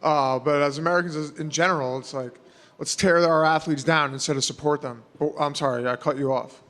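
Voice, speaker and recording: A man's voice: fairly high pitch, fairly even intonation, fairly quick, fairly bright tone, long reverb tail. A man, answering press questions in a casual, rambling way full of fillers. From New York. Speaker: fighter.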